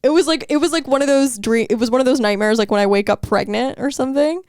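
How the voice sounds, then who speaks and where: A woman's voice: sits high, fast, darkish tone, dry recording, clean studio sound. A young adult woman co-hosting a casual comedy podcast, rambling and sarcastic, laughing often. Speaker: podcast co-host.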